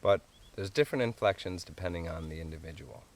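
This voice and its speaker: A man's voice: deep voice, quick pace. A man teaching a hands-on tutorial on calling wildlife, explaining in an easygoing, folksy way and chuckling often.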